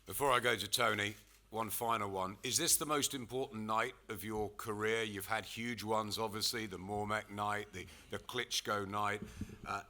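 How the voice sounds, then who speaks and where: A man's voice: fairly low pitch, fairly even intonation, moderate pace, pushed and bright. A man presenting a press conference who puts direct, probing questions to the fighters.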